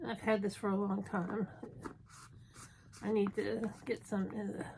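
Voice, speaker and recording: A woman's voice: mid-range voice, level tone, measured pace, background noise. A woman in her fifties chatting casually through a makeup tutorial, joking at her own expense as she works. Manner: chatty, self-mocking, thinking aloud while applying makeup. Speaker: beauty vlogger.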